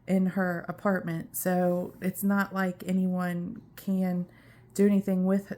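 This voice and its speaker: A woman speaks slowly and evenly in a personal video diary, her pitch staying mostly level. She sounds earnest and reflective and repeats key points for emphasis. She is a little out of breath as she talks. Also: warm tone. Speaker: vlogger.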